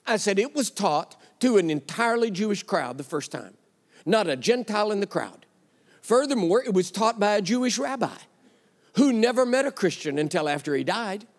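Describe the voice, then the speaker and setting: A man's voice: high-pitched, expressive, moderate pace. A man preaching a sermon, telling a story with quoted dialogue and an emphatic delivery. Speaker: pastor. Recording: long reverb of a large hall.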